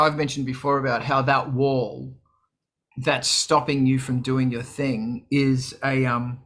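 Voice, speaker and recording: Man, bright tense voice, casual livestream chat, profane and animated. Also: medium pitch. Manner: animated, swearing, quoting others in put-on voices. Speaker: livestream host. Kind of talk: casual chat to a live audience.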